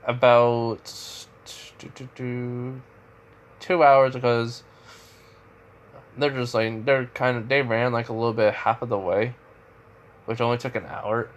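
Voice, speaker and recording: A man's voice: medium pitch, a little hiss or hum. A man casually retelling a fan story, rambling with many restarts. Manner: rambling, lots of fillers and restarts.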